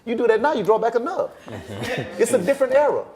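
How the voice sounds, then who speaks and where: A middle-aged man with a Southern US accent, a stage director telling lively stories in a panel conversation and acting out the voices of the people in them. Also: very high voice, fast, crowd noise. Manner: animated storyteller, acts out voices, Southern-flavored speech.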